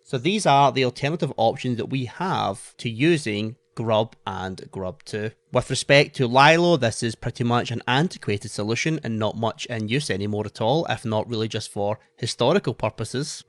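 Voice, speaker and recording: A man's voice: mid-range voice, no room sound. Methodical man teaching tech. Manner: clear, methodical explaining, spells out file names. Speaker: instructor. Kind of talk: technical lecture.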